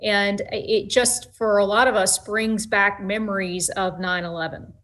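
Female talk show guest with a bright, crisp voice, relaxed and reflective as she tells a story. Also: medium pitch, a little slow, poor audio. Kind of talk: casual storytelling.

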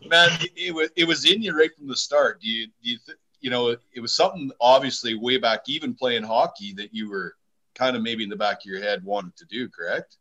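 Co-host, male, ordinary mid pitch, halting and filler-heavy, casual interviewer. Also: sharp tone, highs cut off. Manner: hesitant, repeats words, says like often.

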